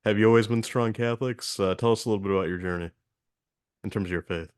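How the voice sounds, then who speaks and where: A man hosting an interview, asking questions in a conversational, halting way. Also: lowish voice, clean tone. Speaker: interview host.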